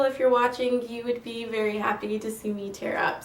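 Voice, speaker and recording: A woman's voice: fairly high pitch, steady tone, moderate pace. Young woman vlogger, chatty and effusive, recorded at a distance in an echoey room. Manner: gushing, chatty, many fillers. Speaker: film reviewer. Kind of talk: casual film review vlog. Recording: roomy, mic at a distance.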